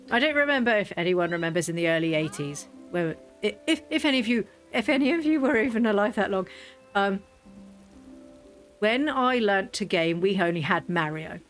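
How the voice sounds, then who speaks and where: A woman's voice: medium pitch, animated, normal speed. Woman, 30s, casual gameplay chat, laughs a lot, faint background music. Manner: chatty storyteller, laughs often. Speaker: streamer.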